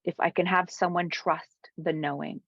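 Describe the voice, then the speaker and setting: A woman guest, a spiritual coach, telling a heartfelt personal story in an interview, dropping to soft whispers at times. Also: on the low side, fairly even intonation, normal speed, dry recording, lo-fi sound. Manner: earnest, drops to soft whispers for quoted moments.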